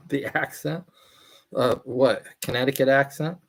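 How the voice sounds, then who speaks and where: A man's voice: medium pitch, fairly even intonation, slow pace. A man from California hosting a hobby livestream, talking loosely and rambling as he answers chat messages aloud.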